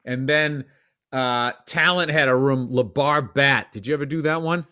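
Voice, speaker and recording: A comedian swapping rambling, profane stories in a casual podcast chat. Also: male voice, medium pitch, normal speed, pushed and bright, smooth.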